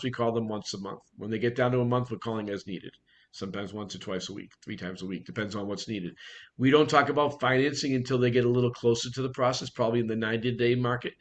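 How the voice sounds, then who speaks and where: Brief: middle-aged Boston man, real estate coach, blunt and direct, mid-pitched, hammers points home. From Boston area. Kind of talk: online coaching talk.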